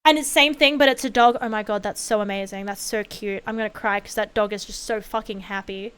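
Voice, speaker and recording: A woman streamer chatting casually while gaming, rambling and expressive, with lots of fillers and swearing. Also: mid-range voice, brisk, clear, resonant tone.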